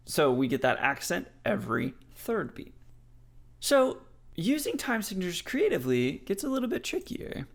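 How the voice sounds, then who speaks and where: Male music teacher, animated delivery with a gravelly edge, counts beats out loud. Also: sits high, moderate pace. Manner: explains in a friendly way, counts beats aloud. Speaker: songwriting teacher. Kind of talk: music theory lesson.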